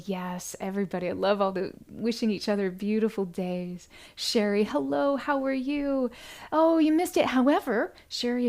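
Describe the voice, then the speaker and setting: Effusive woman hosting a live stream. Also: mid-range voice. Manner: effusive and grateful, with sudden bright excited bursts and soft hushed thank-yous. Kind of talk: casual live-stream chat, reading out viewer comments.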